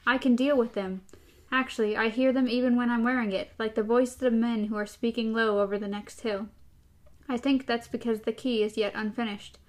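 A terse, weathered gunslinger speaks in a measured, plain way, voiced by a woman reading aloud. The voice sits fairly high. It is a storybook reading. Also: steady tone, natural voice. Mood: calm.

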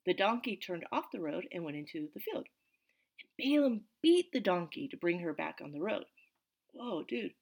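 A woman teaching a casual Bible study, reading verses and then chatting about them in an animated way that is full of asides. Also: fairly low pitch, normal speed, vocal fry.

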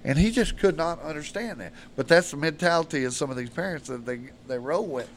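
A man's voice: on the high side, fairly quick, slight background noise. A man telling blunt, profane stories in casual chat, acting out both sides of old arguments. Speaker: podcast guest. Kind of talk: casual storytelling.

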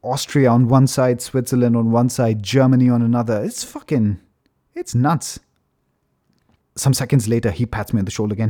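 A man casually telling a personal story, relaxed and chatty, swearing now and then and laughing at himself. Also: medium pitch, moderate pace. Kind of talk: casual anecdote.

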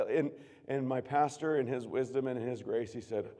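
A man preaching a sermon as pastor, earnest, moving from hushed tones to loud emphatic bursts. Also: mid-range voice, brisk. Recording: long reverb of a large room.

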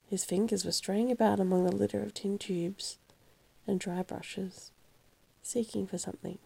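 Gravelly woman narrating a novel. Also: medium pitch, steady tone, dark tone. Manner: measured, dramatic storytelling. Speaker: audiobook narrator. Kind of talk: scripted narration of a classic novel.

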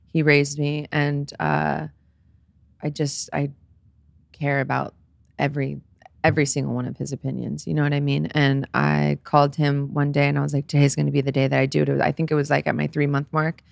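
A woman's voice: low voice, flat delivery, a little fast, vocal fry, dry recording. A young woman co-hosting a casual chat, telling a candid personal story and swearing freely.

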